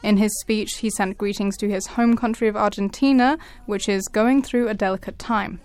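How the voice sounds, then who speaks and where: A woman presenter reading scripted news and introducing a studio guest, clear and measured. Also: medium pitch, fairly even intonation, darkish tone, no echo. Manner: clear, measured broadcast delivery.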